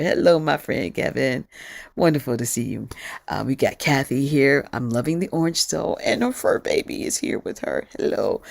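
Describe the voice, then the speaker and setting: A woman's voice: extremely low pitch, gravelly, darkish tone, dry recording. A woman leading an online sing-along on a video call, upbeat and chatty, greeting participants one by one. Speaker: song leader.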